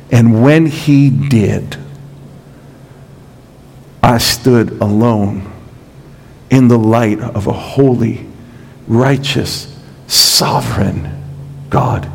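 A man's voice: mid-range voice, low-quality recording. A middle-aged male pastor preaching a sermon, building intensity with rhetorical questions and emphatic repetition.

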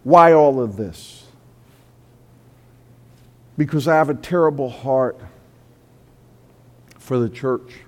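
A pastor preaching a sermon in a church, moving between quiet confession and loud, high-pitched exhortation. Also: male voice, takes it slowly, long pauses, long reverb tail. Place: church sanctuary.

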